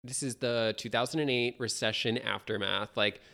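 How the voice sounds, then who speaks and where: A man co-hosting a podcast in casual chat, animated, laughing often and acting out what others said. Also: mid-range voice, moderate pace, vocal fry. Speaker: podcast co-host.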